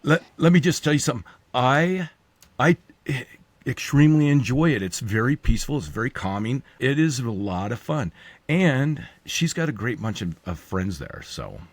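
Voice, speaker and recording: A man's voice: medium pitch, expressive, moderate pace. A man co-hosting a podcast, laid-back and joking, mostly chiming in with short remarks. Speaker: podcast co-host. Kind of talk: casual chat.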